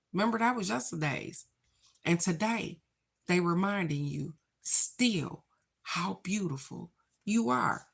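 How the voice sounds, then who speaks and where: A woman's voice: fairly low pitch, gravelly, fairly bright tone. A woman chatting to her viewers as she draws her daily spiritual cards. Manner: chatty, spiritual, talks to viewers as "y'all" and "baby". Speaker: card reader. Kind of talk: casual daily card reading vlog.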